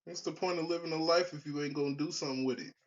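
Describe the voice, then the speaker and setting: A man's voice: on the high side, fairly even intonation, racing, muffled recording. A young man hosting his own podcast in a casual, rambling way, full of slang and restarts. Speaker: podcast host. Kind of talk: casual solo podcast chat.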